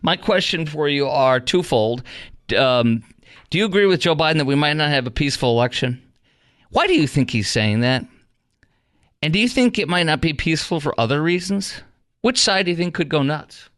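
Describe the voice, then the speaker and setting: A man's voice: fairly high pitch, lively intonation, moderate pace, a bit bright, dry recording. A man hosting a radio talk show in a studio, ranting in a heated, mocking way with lots of fillers. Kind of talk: opinionated talk radio monologue.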